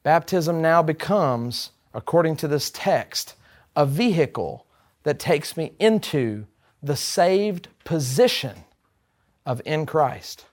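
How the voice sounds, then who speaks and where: A man's voice: on the high side, animated, takes it slowly. Emphatic man teaching a Bible class. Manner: emphatic, with rhetorical questions to the group.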